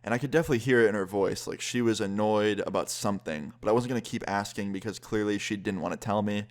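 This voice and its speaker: Young man telling a story, lowish voice. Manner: lively, fast-paced retelling with swearing. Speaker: vlogger. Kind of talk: casual storytime.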